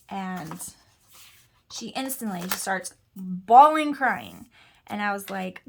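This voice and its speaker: A woman's voice: mid-range voice, slow pace, creaky, pauses often, a little hiss or hum. Chatty woman telling a personal story. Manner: chatty, self-deprecating, quotes herself and others a lot. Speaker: host. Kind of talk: casual storytelling monologue.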